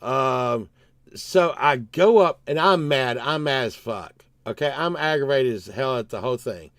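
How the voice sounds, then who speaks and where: A man's voice: medium pitch, lively intonation, unhurried, fairly bright tone, no room sound, studio quality. A man, telling a rambling, profane story on his livestream and acting out both sides of the argument.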